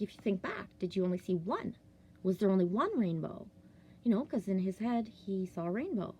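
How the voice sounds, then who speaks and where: Here a Canadian vlogger from Ontario recounts something personal in a mellow, medium-pitched voice, faint hiss or hum behind her. Her talk is laced with swearing and "like," and she occasionally whispers.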